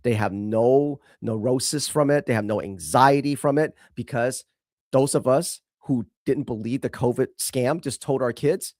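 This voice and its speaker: A man's voice: medium pitch, measured pace, darkish tone, dry recording, studio quality. A man hosting an opinionated commentary show, talking bluntly and emphatically and swearing freely. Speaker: show host.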